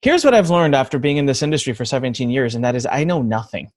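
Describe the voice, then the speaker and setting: A man's voice: medium pitch, animated, fast talker, darkish tone. A man in his thirties hosting a podcast interview, talking in an easygoing, joking way. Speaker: podcast host.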